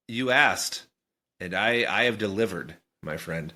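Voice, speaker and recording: Bright, lively male podcast co-host. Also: lowish voice, a little slow. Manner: laid-back, rambling, laughs often. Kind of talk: casual banter.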